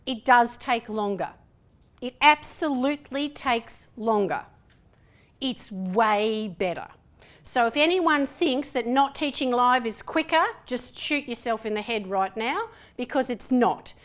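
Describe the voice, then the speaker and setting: Animated Australian woman speaker. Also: on the high side, unhurried. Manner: chatty, animated, acts out dialogue. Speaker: conference speaker. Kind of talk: lively conference talk. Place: lecture hall.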